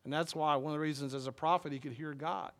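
A man's voice: a little high, fairly even intonation, quick pace, a bit bright. A man preaching a sermon in a loose, conversational way, full of fillers and restarts. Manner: conversational, rambling, with frequent fillers. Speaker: pastor.

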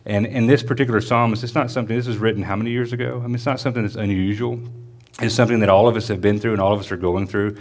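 A male pastor with a fairly low voice and fairly even intonation preaches in church. He reads scripture slowly, then explains it conversationally.

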